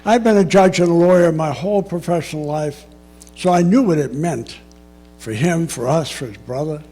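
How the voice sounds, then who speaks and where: An older man giving a personal storytelling talk, measured and reflective, with dry asides. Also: a little high, dark tone, faint music behind. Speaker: public speaker.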